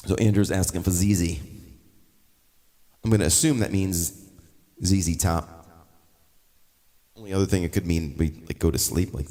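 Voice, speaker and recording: A man's voice: sits low, fairly even intonation, moderate pace, pauses often, dark tone. A male musician chatting casually and rambling between songs on a livestream while taking requests. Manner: rambling, offhand. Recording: long reverb, faint guitar behind.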